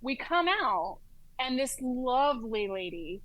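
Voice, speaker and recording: A woman working as a flight nurse practitioner, telling stories as an interview guest in a lively way, with lots of "like" and "um". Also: on the high side, slow pace, no room sound, dull audio. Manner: lively storyteller, heavy use of "like" and "um". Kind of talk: casual storytelling in an interview.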